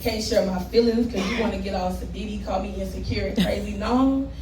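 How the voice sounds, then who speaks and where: Performing spoken word poetry live at a poetry event, a woman speaks briskly at a medium pitch, rhythmic, blunt, and profane, tossing laughing asides to the crowd. The echoey room, distant mic, and background noise give it a live feel.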